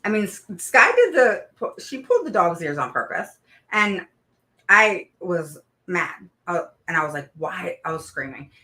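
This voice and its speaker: A woman's voice: on the low side, sing-song, normal speed, bright, forceful tone. A middle-aged woman chatting casually with viewers on a livestream, telling family stories and laughing often. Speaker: autism parent advocate livestream host.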